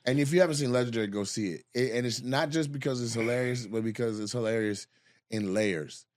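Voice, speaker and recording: A man, a comedian hosting a casual chat, telling a story with animated, profane delivery and laughter. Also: mid-range voice, brisk, no echo, clean studio sound. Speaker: comedian host.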